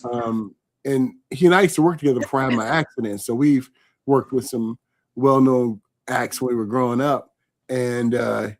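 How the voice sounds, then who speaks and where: A man from California hosting a live online interview, chatting warmly and reading out viewer comments as he goes. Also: mid-range voice, moderate pace. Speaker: host.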